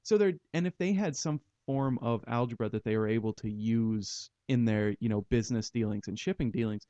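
A man's voice: mid-range voice, fairly quick, dark tone, dry recording, highs cut off. A man hosting a casual math podcast, rambling through ideas and making puns. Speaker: podcast host. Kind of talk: casual chat about math.

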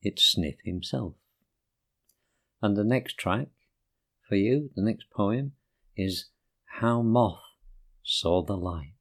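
A man reading rhyming children's poems aloud in a gentle, sing-song way. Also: on the low side, slow pace, pauses often. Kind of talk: rhyming storybook narration.

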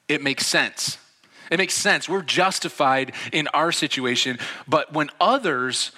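A man preaching a sermon to a church audience, telling a story in a relaxed, chatty way and acting out the people in it. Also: a little high. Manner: conversational storytelling with laughs and acted-out quotes. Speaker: pastor. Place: church before a live audience.

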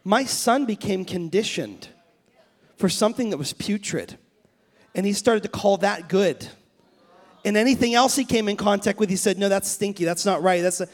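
A man in his thirties preaching a sermon as pastor. He tells stories in a chatty way with many restarts, then builds to fervent, emphatic preaching. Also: high voice. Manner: anecdotal storytelling with many restarts.

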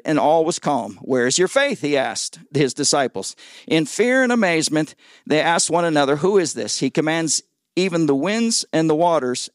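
A man's voice: on the high side, no echo, studio quality. A man preaching as a guest pastor in a church service. He jokes, stumbles over repeated words, and calls on the congregation to answer back. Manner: lively and joking, calls on the congregation for responses. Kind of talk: sermon.

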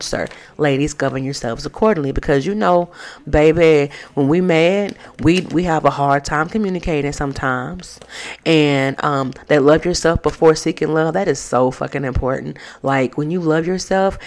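A woman with a low voice hosts a casual vlog. She reads out advice and reacts with blunt, profane candor. She trails off into plenty of fillers as she goes. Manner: candid and profane, with frequent fillers. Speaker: vlog host. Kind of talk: casual chat, reading out viewer advice.

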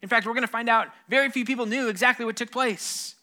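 A man's voice: very high voice, steady tone, fast talker, bright, forceful tone. A man in his thirties preaching a sermon, conversational and humorous, often restarting his sentences and speaking straight to the congregation. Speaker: pastor.

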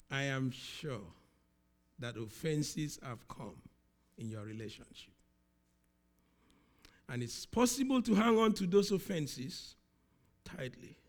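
A man preaching a sermon, speaking slowly and with emphasis, often repeating key words. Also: on the high side.

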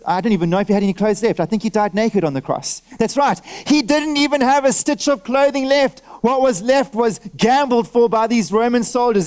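High-voiced preacher firing rhetorical questions. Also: male voice, clean tone. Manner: animated, fires off rhetorical questions at the congregation; talks directly to listeners, asks for nods and amens. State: wearing a face mask. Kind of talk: sermon. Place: church service.

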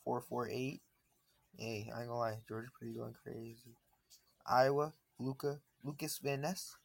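Chill guy on a sports podcast, slangy, gravelly fry-heavy voice. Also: medium pitch, little pitch movement, moderate pace. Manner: laid-back, slangy, short interjections. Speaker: podcast co-host. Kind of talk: casual sports chat.

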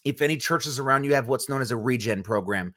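A man's voice: medium pitch, quick pace, fairly bright tone. A man hosting a podcast, speaking in a frank, earnest way about himself. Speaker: podcast host. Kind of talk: casual podcast chat.

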